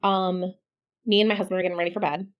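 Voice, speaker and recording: Podcast co-host, woman in middle age, chatty, animated storyteller. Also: fairly low pitch, quick pace, highs cut off. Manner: chatty, animated when quoting, laughs often. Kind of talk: casual storytelling chat.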